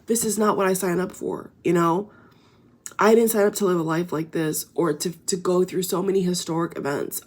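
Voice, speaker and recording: A woman's voice: lowish voice, a little mellow. A woman talking straight to her viewers in a casual spiritual vlog, earnest and emphatic, with filler words and swearing. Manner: earnest and emphatic, addresses viewers as guys, frequent you know and swearing. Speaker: spiritual vlogger. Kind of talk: casual direct-to-camera monologue.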